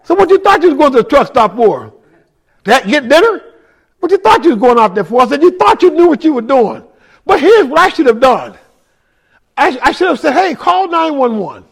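A man tells his story of faith and the streets. He talks emphatically and drops low and quiet when he gives a warning. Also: very animated, brisk, creaky. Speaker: guest telling his testimony. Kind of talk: storytelling testimony.

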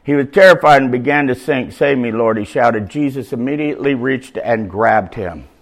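A man preaching a sermon, reading scripture and adding loud, animated, conversational asides, shouting at the peaks. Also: mid-range voice, moderate pace.

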